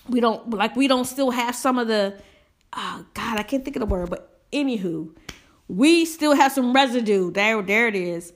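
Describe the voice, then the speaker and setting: Chatty, sassy woman podcast host. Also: mid-range voice. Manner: chatty, candid, with frequent restarts and asides. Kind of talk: casual commentary podcast.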